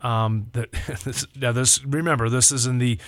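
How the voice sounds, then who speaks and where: An older man, a pastor, telling a personal story in casual talk, acting out voices with lively rising pitch. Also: moderate pace, dry recording. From Southern California. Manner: animated, acts out quoted voices with rising pitch.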